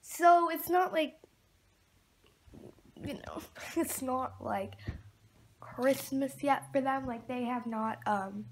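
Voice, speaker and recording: Teen girl vlogger, high-pitched, excitable and rambling, casual camera-mic home chat. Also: slow pace, pauses often, a little hiss or hum. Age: teenager. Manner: excitable, giggly, rambling with many fillers. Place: at home with her dog.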